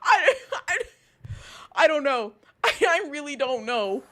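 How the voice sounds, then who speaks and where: A young woman talks over a clip on her stream, laughing in disbelief and swearing freely. Her voice sits high and swings widely in pitch. The tone is loose and chatty, like a casual reaction video. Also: expressive, moderate pace, bright, forceful tone.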